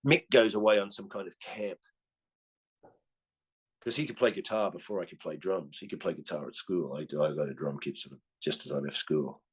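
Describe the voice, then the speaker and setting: Husky Australian man telling stories. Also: low-pitched, moderate pace. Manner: swears freely, tags lines with "right?"; animated storyteller. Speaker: guest comedian. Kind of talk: casual storytelling chat.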